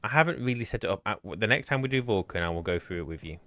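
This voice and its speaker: A man's voice: lowish voice, expressive, racing, pushed and bright, no room sound. A man streaming a co-op game, chatting casually and explaining game mechanics at length with teasing banter. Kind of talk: casual gameplay chat and explaining.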